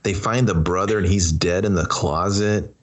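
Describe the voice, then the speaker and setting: Deep-voiced male podcast co-host. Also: moderate pace. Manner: rambling, loose and laid-back, drops fillers like "dude" and "like". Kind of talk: casual movie review chat.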